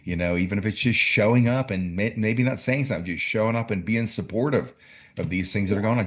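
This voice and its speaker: Man with a lowish voice, animated storyteller, emphatic and punchy. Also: fairly quick. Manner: emphatic, gets fired up, laughs while telling.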